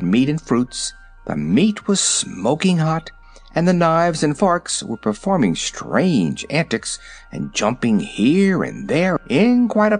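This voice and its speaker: A man reading a storybook aloud as its narrator, telling the tale in a lively way. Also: a little high, husky. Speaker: audiobook narrator. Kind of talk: scripted narration.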